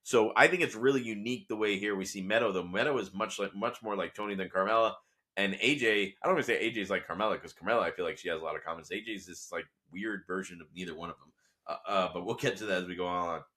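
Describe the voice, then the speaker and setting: A man's voice: low-pitched, fast talker, bright, forceful tone. A man hosting a podcast, retelling scenes from a TV series in a loose conversational way full of asides. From Italian-American. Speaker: podcast host recapping a TV series. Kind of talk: casual episode recap talk.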